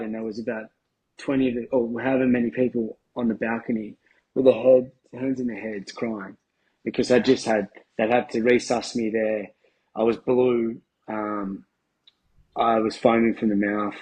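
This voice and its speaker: Guest: Australian man, thirties, low husky voice, blunt slangy storyteller. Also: darkish tone, rough recording. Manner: blunt, slangy, halting with ums. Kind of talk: candid interview storytelling.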